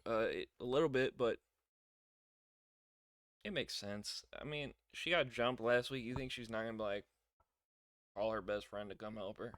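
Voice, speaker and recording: A young man giving a casual wrestling show review, chatty and quick to laugh, acting out what people said. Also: medium pitch, a bit bright, clean tone, no echo, clean studio sound. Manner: chatty, laughs often, acts out quotes.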